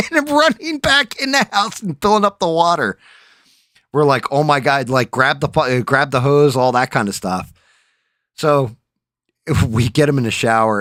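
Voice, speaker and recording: A man hosting a late-night livestream chat, telling a story in a profane, animated way and acting out the quotes. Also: medium pitch, no room sound, clean studio sound. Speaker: livestream host.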